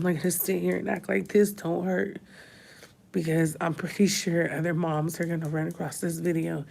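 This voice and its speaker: Tearful woman with a low gravelly voice. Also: little pitch movement, normal speed, a little mellow. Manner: tearful, talks through crying. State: crying. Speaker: vlogger. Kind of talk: emotional personal vlog. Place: hospital room.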